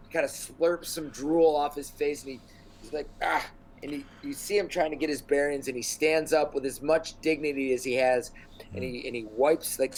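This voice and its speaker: A medium-pitched man with a darkish tone narrates a tabletop game as the game master. The recording is low quality with slight background noise, and he rambles, leaning on lots of ums and likes.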